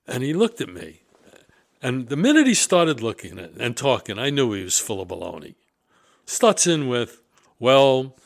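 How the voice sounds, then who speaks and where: A middle-aged man telling stories in a casual chat, emphatic and indignant, his voice rising and falling. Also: mid-range voice. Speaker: show guest or co-host telling stories.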